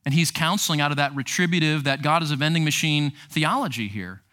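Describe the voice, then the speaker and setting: A man's voice: a little high, quick pace. A man teaching a Bible book to future counselors, reading verses aloud and asking rhetorical questions. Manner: animated, reads scripture aloud and asks rhetorical questions. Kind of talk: teaching sermon.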